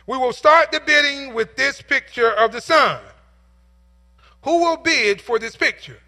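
A man's voice: very high-pitched, a little slow, sharp tone, long reverb tail, exaggerated voice. A man doing a persistent auctioneer calling bids. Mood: insistent.

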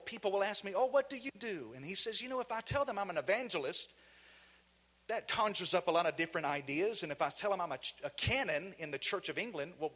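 Brief: Southern US male preacher, high bright voice, fiery call-and-response delivery in a church. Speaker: guest preacher. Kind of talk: energetic sermon. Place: church sanctuary.

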